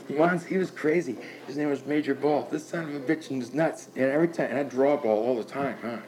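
An older man telling stories in casual talk, animated and profane, often restarting his sentences. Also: medium pitch, fast talker, few pauses, heavy background noise. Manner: animated, profane, laughing storyteller with many restarts. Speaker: guest storyteller.

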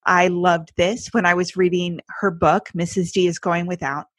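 A woman's voice: fairly low pitch, level tone, moderate pace, fairly bright tone, no echo. A woman hosting a podcast interview, chatty and enthusiastic as she introduces and questions her guest. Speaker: podcast host.

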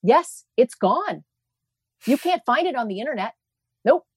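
A woman's voice: sits high, sing-song, unhurried, slightly rough, no echo. A woman guest on an interview show, speaking in an indignant, emphatic way. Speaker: guest, meteorologist. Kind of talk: impassioned interview talk.

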